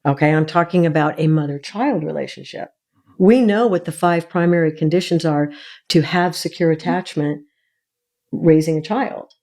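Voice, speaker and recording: A woman's voice: low voice, normal speed, a little mellow. A woman therapist, a guest on an interview show, explaining emphatically and like a teacher, often checking in with "all right".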